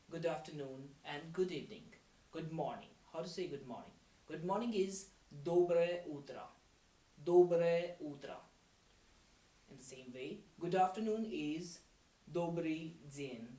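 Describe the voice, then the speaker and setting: A young man with an Indian English accent teaches a friendly beginner lesson, calling his viewers guys and repeating words slowly. His voice sits a little high and sounds set back from the mic in an echoey room. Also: a little mellow, far from the mic. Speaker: language teacher.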